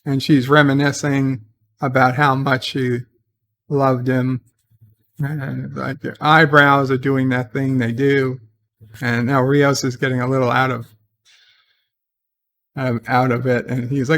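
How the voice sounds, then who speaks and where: A man's voice: mid-range voice, level tone, unhurried, fairly bright tone. A man giving a casual spoken recap of a TV episode, rambling and hesitant with lots of fillers and sarcastic, exasperated asides. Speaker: TV episode reviewer.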